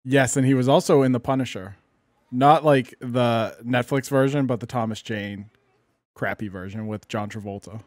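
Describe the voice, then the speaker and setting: A man's voice: medium pitch, normal speed, a little mellow, no room sound, clean studio sound. Playful man co-hosting a podcast. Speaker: podcast co-host. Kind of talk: casual podcast chat.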